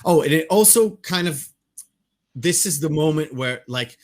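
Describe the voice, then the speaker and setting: A man co-hosting a casual movie podcast, animated, swearing freely and laughing often. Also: fairly high pitch, measured pace. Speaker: podcast co-host.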